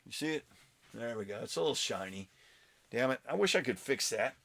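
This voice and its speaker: A man's voice: medium pitch, animated, fairly quick, gravelly, a bit bright. A man hosting a casual comic book collecting vlog at home, rambling and chatty with self-mocking asides. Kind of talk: casual show-and-tell vlog.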